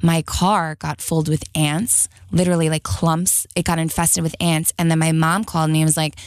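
A woman's voice: sits low, flat delivery, normal speed, dry recording, clean studio sound. A woman co-hosting a podcast in casual chat, talking emphatically with lots of fillers and some cursing. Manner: emphatic, curses freely, many fillers. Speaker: podcast co-host.

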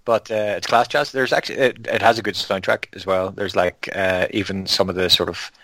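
A man's voice: low-pitched, flat delivery, fairly quick, pushed and bright, slight background noise. A man co-hosting a casual film podcast, making dry, laid-back remarks. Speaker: podcast co-host. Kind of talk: casual chat.

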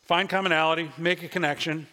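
A man's voice: a little high, fairly even intonation, fast talker, pushed and bright. A man preaching a sermon as pastor, telling folksy stories with asides. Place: church sanctuary. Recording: long reverb of a church hall.

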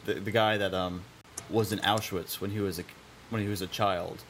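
A man hosting a casual interview, telling a story in a halting, rambling way. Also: low voice, steady tone, fairly bright tone, slight background noise. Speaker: podcast host. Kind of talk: casual chat.

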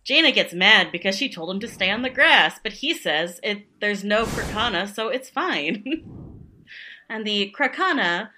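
Woman, podcast co-host, casual book chat, animated, bright tone. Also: medium pitch, measured pace, a little hiss or hum. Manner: animated, laughs often, reads from the book.

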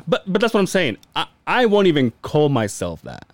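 A man co-hosting a casual podcast, telling animated stories, acting out quoted dialogue and swearing freely. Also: fairly high pitch, a little fast, no room sound. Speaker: podcast co-host.

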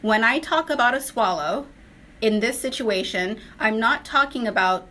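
A woman's voice: on the high side, bright, forceful tone. Woman discussion lead; probing, quizzing, casual clinical talk. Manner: probing, quizzing the others with rapid questions. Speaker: discussion leader.

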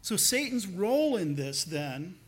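Pastor guy with a high voice preaching, chatty, drops his voice for quotes. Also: sing-song, unhurried, slightly rough. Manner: conversational, acts out quoted voices with lowered pitch. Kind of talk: sermon.

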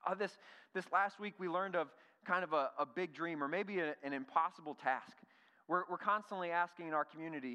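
A man's voice: on the high side, fairly quick, sharp tone, clean tone. A male pastor preaching an earnest sermon, full of rhetorical questions and repeated words. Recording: reverberant hall.

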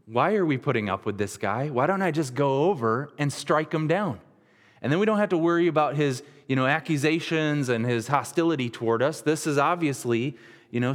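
A man's voice: mid-range voice, in a large hall. A man in his thirties giving a sermon as a pastor, retelling scripture in plain, conversational words with frequent restarts.

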